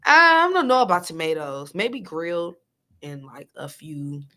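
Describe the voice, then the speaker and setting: Woman co-host, lively swings in pitch, chatty and rambling. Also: moderate pace. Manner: animated, chatty, restarts a lot. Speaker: podcast co-host. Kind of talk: casual chat.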